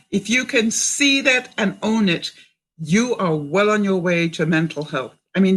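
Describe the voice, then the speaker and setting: This older woman from Canada has a lowish but fairly bright voice. As a vlogger on a livestream, she chats through viewer comments and poses questions to coach her audience.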